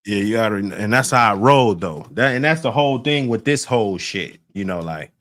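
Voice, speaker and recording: A man's voice: on the low side, lively intonation, moderate pace, fairly bright tone. Laid-back rambling male host. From United States. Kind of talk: casual street talk.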